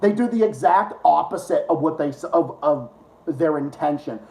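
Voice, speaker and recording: A man's voice: a little high, animated, moderate pace, vocal fry, warm tone. A man hosting a live stream, ranting to his chat with heavy swearing and sarcasm. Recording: roomy echo.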